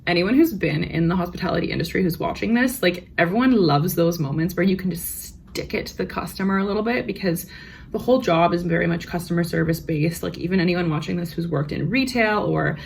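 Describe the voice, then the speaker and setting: A woman's voice: fairly low pitch, fairly quick, creaky, a little hiss or hum. A young woman vlogger telling work stories in a frank, profane, ranting way, casual storytime.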